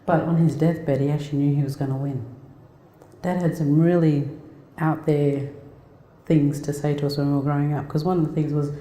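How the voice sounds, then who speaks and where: A woman in her forties speaks as a guest speaker, heartfelt and conversational, often restarting her sentences. Her voice is very dark and mellow. A long, echoey reverb from the lecture hall surrounds her. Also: sits low, fairly even intonation, normal speed. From Australia. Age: 40s. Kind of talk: personal storytelling talk.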